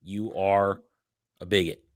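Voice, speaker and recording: A man's voice: sits low, slow pace, no room sound, clean studio sound. A man hosting a casual commentary chat, ranting with lots of restarts. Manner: ranting, animated, frequent restarts. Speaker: host.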